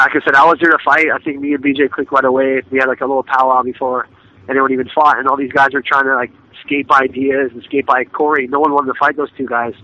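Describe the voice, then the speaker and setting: A man's voice: mid-range voice, pushed and bright. A man in his thirties, an MMA fighter telling laid-back, profane stories in a casual interview. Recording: dull, lo-fi dry sound.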